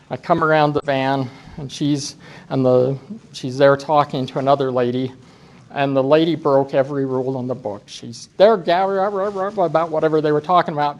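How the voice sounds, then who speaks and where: A man giving a conference talk as a driver trainer, telling self-deprecating stories and acting out what people said. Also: fairly high pitch. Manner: animated, self-deprecating storyteller acting out quotes. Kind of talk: storytelling presentation. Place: conference session room.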